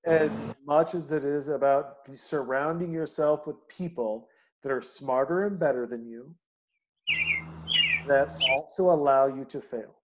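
A man's voice: on the high side, a little slow. A man co-hosting a casual chat, talking in long, profane, emphatic rants.

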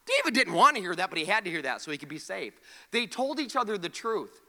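A man's voice: sits high, very animated, fast talker, pushed and bright, in a large hall. A man preaching a sermon as pastor. He tells the story with animation, acts out the characters' lines and has the audience repeat words back to him.

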